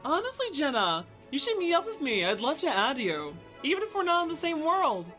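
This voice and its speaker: A woman's voice: high voice, wildly swooping pitch, fairly quick, bright, forceful tone, faint music behind. A young adult woman streaming a game, chatting playfully to viewers; her voice sometimes cracks. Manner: bubbly, playful, chats to viewers. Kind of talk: casual live-stream chat. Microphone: headset with headphones.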